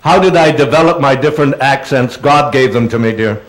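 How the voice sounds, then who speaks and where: An older man speaks as a guest at a Q&A session in an auditorium, his medium-pitched voice fairly quick over poor audio. He rambles playfully, adding theatrical touches as he talks to the audience.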